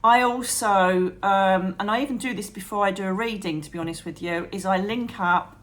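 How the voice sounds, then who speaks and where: A woman chatting to camera about meditation as a psychic medium and channel host, animated, calling viewers darling and trailing off mid-thought. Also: mid-range voice, normal speed. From England. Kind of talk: chatty advice vlog to camera.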